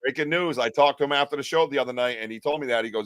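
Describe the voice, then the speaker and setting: A man's voice: medium pitch, very fast, fairly bright tone. Joking, rambling New man host. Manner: loose, joking, rambling with slang. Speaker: podcast host. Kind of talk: casual live-stream chat.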